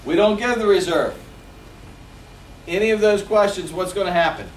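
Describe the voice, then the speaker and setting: Sales trainer, man, 40s. Lively, high-ish voice, recorded at a distance in an echoey room. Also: moderate pace, pauses often, slight background noise. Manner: energetic, role-plays customer calls.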